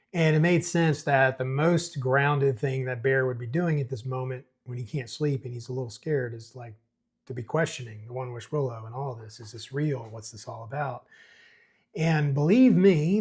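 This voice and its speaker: A middle-aged man hosting a screenplay breakdown, explaining in a relaxed, explanatory way. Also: medium pitch, husky. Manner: explanatory, relaxed, with reading aloud. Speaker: host. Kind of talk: screenplay breakdown, reading and commenting.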